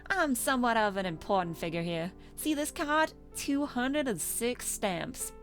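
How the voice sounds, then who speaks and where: A woman plays a brash young male bird with a thick put-on American Southern drawl, a loud regular who owns his seat in the cafe. He talks slow and heavy in a dramatic visual novel reading. Faint music sits behind him. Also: a little high, lively intonation.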